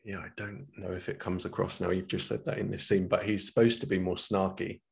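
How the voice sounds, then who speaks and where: Low gravelly-voiced male guest writer. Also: level tone, brisk. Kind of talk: casual conversation.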